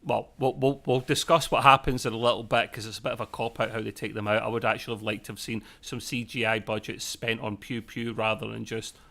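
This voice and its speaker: A man's voice: fairly low pitch, level tone, fast, creaky, few pauses, bright, forceful tone. Rambling man on a live show. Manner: rambling, self-correcting, jokey asides. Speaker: podcast co-host. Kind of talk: casual live episode discussion.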